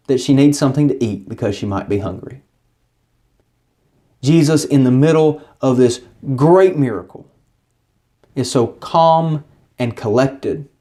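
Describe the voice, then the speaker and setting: A man's voice: on the high side, dark tone. A man narrating a Bible passage as a short lesson, retelling the story earnestly and briefly voicing the people in it. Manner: earnest storytelling, acting out quoted speech. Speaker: Bible teacher. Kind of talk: scripted Bible study narration.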